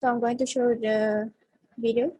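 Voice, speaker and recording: A woman's voice: on the high side, little pitch movement, normal speed, mellow, husky, poor audio. A young woman student giving a class presentation over a video call, speaking hesitantly with many fillers and restarts. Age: young adult.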